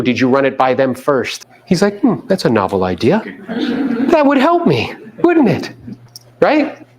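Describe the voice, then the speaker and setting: A man coaching a live audience in a meeting room, animated and casual, sometimes coarse, often acting out other people's voices. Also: mid-range voice. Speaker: real estate coach. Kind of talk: live seminar talk to an audience.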